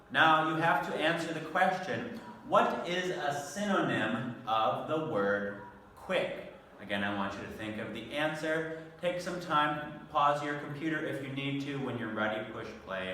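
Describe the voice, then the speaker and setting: A man leads a recorded English vocabulary lesson, enunciating each word slowly and patiently. His voice is bright and clear-toned. It echoes heavily around a bare room, picked up from a little way off the mic. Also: mid-range voice, distant mic, a little hiss or hum. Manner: slow, patient, clearly enunciated teacher talk. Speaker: ESL teacher.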